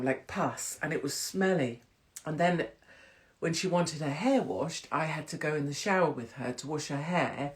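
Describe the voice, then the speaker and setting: Blunt, chatty English woman host. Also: sits low. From England. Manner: blunt, chatty, swears freely. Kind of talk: casual chat, livestream monologue. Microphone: phone.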